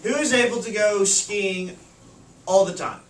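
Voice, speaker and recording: A man's voice: sits high, a little slow. A man teaches a class, quizzing the students and repeating back what they answer. He is picked up from across the classroom, so the sound is roomy and a little distant, with faint noise behind it. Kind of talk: classroom lesson. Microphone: far camera. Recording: echoey classroom from far off.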